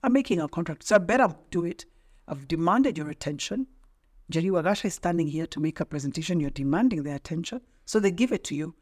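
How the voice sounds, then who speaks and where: A woman's voice: fairly low pitch, lively intonation, fast talker, darkish tone. A middle-aged woman speaking as a podcast guest, an emphatic, teacherly trainer who asks rhetorical questions. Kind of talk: casual podcast interview.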